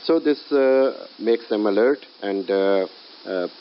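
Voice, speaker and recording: A man teaching English in a recorded lecture, often pausing with filler sounds as he explains. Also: lowish voice. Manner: hesitant, many filler sounds. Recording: dull lo-fi audio with faint hiss.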